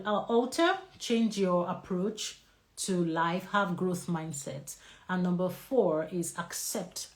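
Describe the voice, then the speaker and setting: Lively Nigerian-accented woman doctor. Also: medium pitch. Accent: Nigerian English. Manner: lively, laughing, answers viewer questions aloud. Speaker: doctor giving a live talk on stress. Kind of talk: live Q&A talk.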